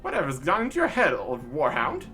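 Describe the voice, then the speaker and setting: A man's voice: a little high, wildly swooping pitch, brisk, sharp tone, faint music behind, heavily acted. A man doing Rupert, a plummy old dwarf. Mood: jolly. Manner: plummy posh old-fashioned English speech. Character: pompous old dwarf with a long beard.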